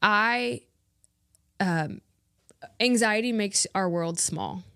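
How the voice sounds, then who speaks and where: A woman's voice: mid-range voice, very slow, sharp tone, smooth, no room sound, studio quality. A woman co-hosting a podcast, chatting casually and earnestly with friends, affirming them and laughing often. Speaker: podcast co-host. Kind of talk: casual chat among friends.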